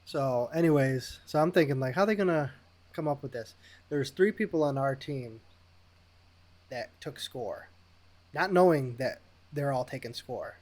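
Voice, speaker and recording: A man's voice: mid-range voice, a little slow, darkish tone. Easygoing male podcast co-host. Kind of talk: casual chat.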